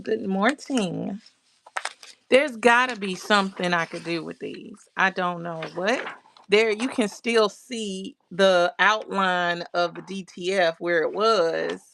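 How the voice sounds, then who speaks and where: A woman's voice: medium pitch, gravelly, a bit bright, slight background noise. A woman hosting a casual crafting livestream, greeting viewers by name, reading their comments aloud and talking herself through her work. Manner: talks to herself while working on crafts.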